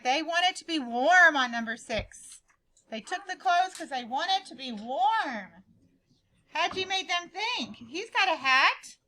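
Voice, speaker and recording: A woman teaching a class reading lesson in a high, bright voice. She keeps asking the same question again and calls on pupils by name, then echoes back their answers. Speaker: schoolteacher.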